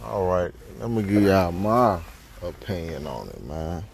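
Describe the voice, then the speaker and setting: Young guy podcaster ranting, gravelly voice, swings up and down a lot, dry close sound. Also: low voice, very animated, a little slow, noisy background. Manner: blunt, incredulous ranting with heavy slang. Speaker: podcast host. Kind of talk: profane casual commentary.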